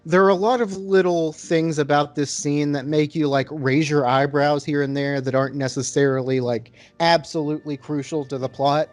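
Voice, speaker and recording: A man hosting a casual podcast chat, rambling and relaxed, with lots of fillers as he tastes and describes a beer. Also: a little high, moderate pace, hardly any pauses.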